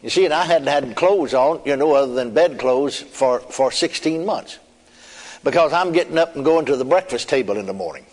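A man's voice: mid-range voice, expressive, moderate pace, a little mellow. A male preacher giving a testimony in a folksy storytelling manner, with chuckles and repeated asides to the congregation. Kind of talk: sermon testimony. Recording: long reverb in a hall.

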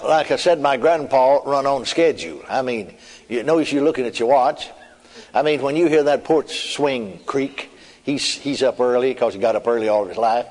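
A man's voice: medium pitch, darkish tone. A male preacher giving a testimony in a folksy storytelling manner, with chuckles and repeated asides to the congregation. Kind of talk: sermon testimony. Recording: long reverb in a hall.

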